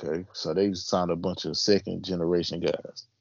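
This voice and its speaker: A man's voice: deep voice, level tone, moderate pace, vocal fry, slightly rough, no room sound, muffled recording. A man co-hosting a casual wrestling chat in a laid-back, agreeable way. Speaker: podcast co-host.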